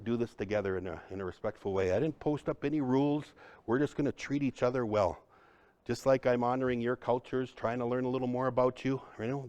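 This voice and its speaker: In a conference room, an Ojibwe language teacher and presenter leads a workshop for a live audience in a mid-range voice. He tells stories animatedly, swinging from hushed to loud and peppering his lines with "hey?" and "right?"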